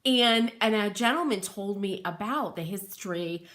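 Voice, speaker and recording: A woman's voice: mid-range voice, moderate pace, fairly bright tone. Chatty woman hosting a live craft stream. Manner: chatty, greets live viewers by name. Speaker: craft channel host.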